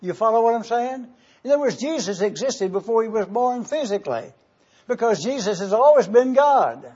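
An older pastor preaches with emphatic swells and keeps asking the congregation questions. His husky voice sits high for a man, and the recording is dull and lo-fi. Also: animated, moderate pace, darkish tone. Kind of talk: sermon. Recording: dull lo-fi sound.

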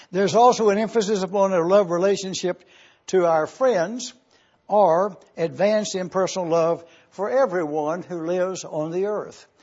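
A man delivers a Bible teaching sermon in a high-pitched voice with a husky edge. He explains each point deliberately, slowing down to stretch out key words. The recording sounds muffled and lo-fi. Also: a little mellow. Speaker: preacher.

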